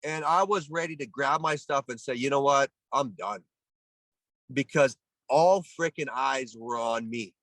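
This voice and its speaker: A man's voice: mid-range voice, a little slow, no room sound. A Canadian man in his forties, a former pro athlete, telling a story in an interview with lots of restarts and acted-out quotes. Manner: animated storyteller, acts out voices, many restarts. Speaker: guest, former pro baseball player.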